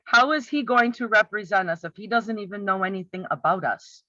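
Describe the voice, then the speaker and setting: Sarcastic commentator with a bright voice. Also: mid-range voice, fairly quick, no echo. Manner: sarcastic, exasperated rhetorical questions. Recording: slightly muffled, dry.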